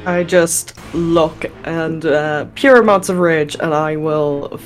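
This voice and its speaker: A woman player in a tabletop game speaks very slowly and swears freely. Her pitch sits in a middle range, and light music runs underneath her voice. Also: fairly even intonation. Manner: slow, swearing reactions.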